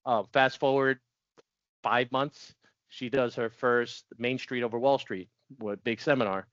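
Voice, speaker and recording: A man's voice: medium pitch, fairly even intonation, unhurried, fairly bright tone, no echo. Man in his forties, casual storytelling guest, frequent restarts, dry dull lo-fi sound. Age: 40s. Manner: chatty, laughs often, restarts sentences. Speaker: podcast guest.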